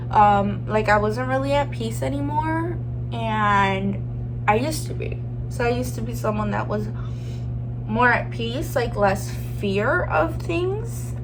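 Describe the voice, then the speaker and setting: A woman's voice: on the high side, background noise. Young woman in a rambling candid chat. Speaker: beauty vlogger. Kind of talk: casual chat while doing makeup.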